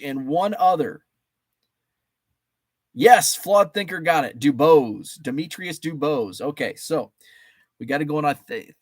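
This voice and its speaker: A man's voice: fairly high pitch, dry recording. A man hosting a live stream, running a guessing game with trading cards, reading out viewers' names and answers in a chatty, playful way. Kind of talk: casual live-stream chat.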